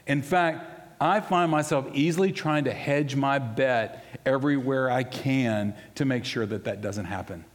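A man preaching a sermon in a relaxed, storytelling way, his voice ringing out in a big church hall with a long echo. He drops to a hush and then rises to loud bursts. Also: medium pitch. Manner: storytelling, conversational, swings between loud and hushed. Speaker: pastor.

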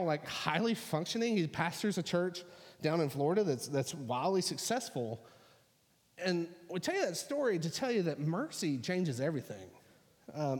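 Male pastor, casual storytelling sermon delivery, slightly high pitch, recorded in a reverberant hall. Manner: conversational storytelling with fillers.

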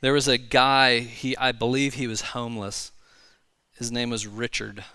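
A man's voice: mid-range voice, little pitch movement, sharp tone, clear, resonant tone, no room sound, clean studio sound. Man preaching a conversational sermon. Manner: conversational preaching with frequent asides and quick restarts. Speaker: pastor. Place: church sanctuary.

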